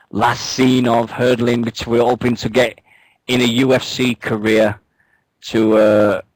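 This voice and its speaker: A man co-hosts a radio show in loose, joking banter. He swears freely and rambles through anecdotes at a mid-range pitch. The sound is dry and close. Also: no echo, poor audio.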